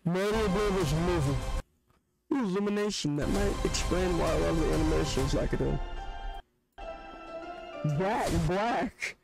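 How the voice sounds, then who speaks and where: A man's voice: high voice, unhurried, vocal fry, long pauses, music in the background, low-quality recording. A young man hosting a reaction video, joking and ranting in casual, rambling commentary. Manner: joking, rants with restarts.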